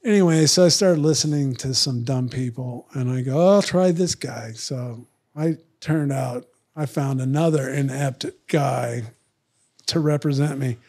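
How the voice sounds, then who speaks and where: This middle-aged man's voice is medium-pitched, husky and slightly mellow. As a podcast guest, he tells crude stories in relaxed conversation, drawing out his slang and performing other people's lines loudly.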